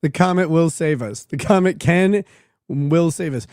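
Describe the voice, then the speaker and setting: In casual livestream commentary, a man reads out viewer messages and responds with crude, sardonic jokes, laughing a lot. His voice is a little high and darkish, his pace measured, and the studio-quality audio has no room sound.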